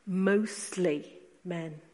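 A woman preacher giving a sermon, speaking slowly and with emphasis, asking rhetorical questions and dropping to quiet asides. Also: lowish voice, a little hiss or hum. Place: church. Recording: long church reverb.

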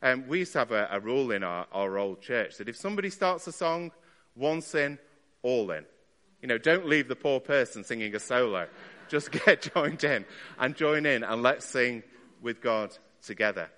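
Bright-voiced preacher in a reverberant hall. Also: male voice, mid-range voice, animated, normal speed. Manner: conversational, asks the listeners rhetorical questions. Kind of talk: sermon. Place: church.

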